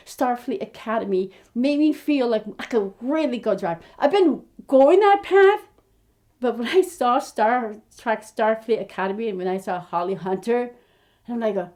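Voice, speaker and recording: A woman's voice: fairly high pitch, a little mellow. An American woman of fifty chatting to camera about her acting journey, telling her story in a rambling, quirky way full of restarts. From United States. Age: 50s. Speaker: aspiring actress and vlogger. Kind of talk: casual chat to camera.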